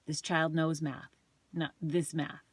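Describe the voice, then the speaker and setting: A woman's voice: sits low, little pitch movement, slow, slightly rough, no room sound. A woman, a parent and wellness coach, chatting casually and telling a story, with some restarts and ums. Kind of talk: casual chat to camera.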